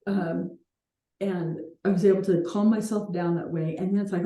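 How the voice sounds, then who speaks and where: A woman's voice: medium pitch, a little fast, mellow, reverberant. A woman hosting a coaching call, talking earnestly and reflectively with light laughs now and then.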